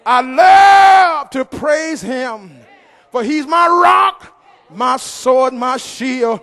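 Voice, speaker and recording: A man preaching a sermon in a church, shouting and half-singing his lines and repeatedly asking the congregation for a response. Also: very high-pitched, expressive, drawn-out words, a faint crowd. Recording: long reverb of a church hall.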